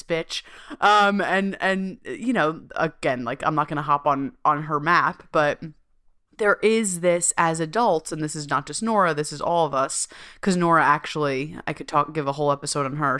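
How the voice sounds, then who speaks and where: Brief: woman podcast host with a lowish, smooth voice, chatty and profane, in a dry room. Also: bright, forceful tone, no echo. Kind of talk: casual monologue.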